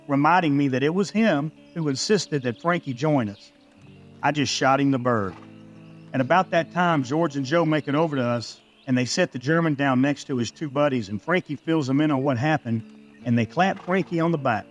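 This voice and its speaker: A man's voice: a little high, highs cut off. Man narrating a first-person story.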